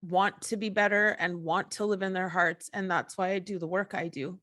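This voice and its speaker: A woman's voice: lowish voice, fairly even intonation, moderate pace, fairly bright tone. A woman host giving an emotional solo monologue, impassioned and profane, full of restarts and rhetorical questions. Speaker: podcast host.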